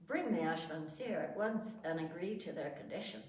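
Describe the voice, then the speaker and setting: A woman's voice: lowish voice, lively intonation, moderate pace, a little mellow, natural voice. A woman reading as an impatient old blind sage. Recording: echoey room, voice from far off.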